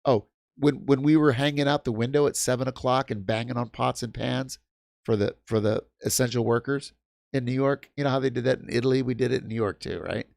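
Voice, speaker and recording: Gravelly, ranting man in his fifties. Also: medium pitch, steady tone, a little fast, a little mellow, no room sound, clean studio sound. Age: 50s. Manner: swearing, ranting, stumbling restarts. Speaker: livestream host. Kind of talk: heated casual stream chat. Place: home in New York.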